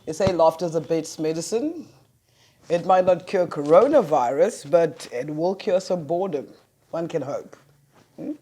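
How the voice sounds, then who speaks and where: A man's voice: fairly high pitch, expressive, moderate pace, warm tone. A man hosting a variety show, casually introducing the next act. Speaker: show host.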